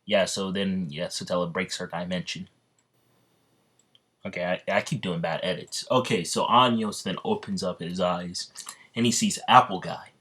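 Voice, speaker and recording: A man retells a fan story in a loose, off-the-cuff way, rambling and stopping to correct himself. His voice is low and deep, and the telling stays unscripted. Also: steady tone, normal speed, bright, forceful tone, husky.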